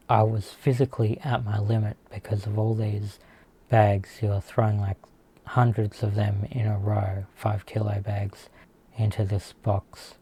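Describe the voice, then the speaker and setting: Flat, husky-voiced Australian man venting. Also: fairly low pitch. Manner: hesitant, full of "like" fillers, aggrieved. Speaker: vlogger. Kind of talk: casual monologue about work.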